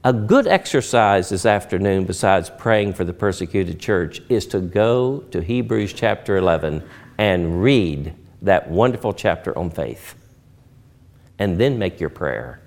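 A man preaching a sermon with a lively, wide-ranging pitch that climbs high and loud at its peaks. He talks in an earnest way, drawing out key phrases slowly before building again. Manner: earnest preaching with dramatic swells and slow emphatic pauses. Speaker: pastor.

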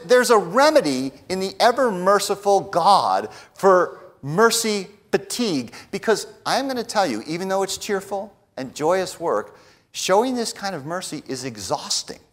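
A man preaching a sermon who often tags his points with a quick question and swings between hushed lines and raised declarations. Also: high-pitched. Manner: emphatic, often adds a tag question "right?".

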